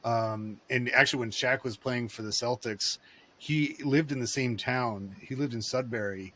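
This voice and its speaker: A man's voice: medium pitch, normal speed, sharp tone, a little hiss or hum. A man in casual podcast chat, telling rambling, digressive stories.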